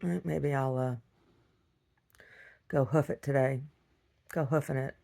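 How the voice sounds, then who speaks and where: Middle-aged woman, video diarist, low gravelly voice, rambling storyteller who laughs a lot. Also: fairly even intonation, measured pace, warm tone. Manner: laughs often, acts out quoted voices, many restarts. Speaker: video diary vlogger.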